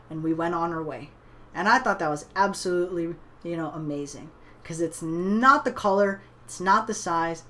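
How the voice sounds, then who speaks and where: A woman with a mid-range, slightly bright voice tells a motivational story in a casual, conversational manner. As an online business trainer, she often caps her lines with "right?" and drops in "you know."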